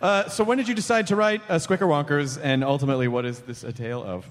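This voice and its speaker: A man hosting a casual comedy podcast, joking and riffing quickly with guests and swearing playfully. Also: a little high, long reverb tail. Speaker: podcast host.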